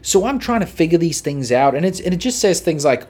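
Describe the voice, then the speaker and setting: An Australian man hosting a podcast, telling a story in a casual, animated, profane way. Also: a little high, brisk, slightly rough. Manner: animated, profane, dramatic retelling. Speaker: podcast host.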